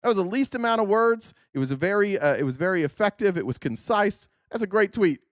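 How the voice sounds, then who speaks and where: A man's voice: sits high, expressive, fast talker, dry recording. Fiery American male host, cursing and mocking political foes, dry close sound. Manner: profane, angry, mocking. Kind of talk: livestream political rant.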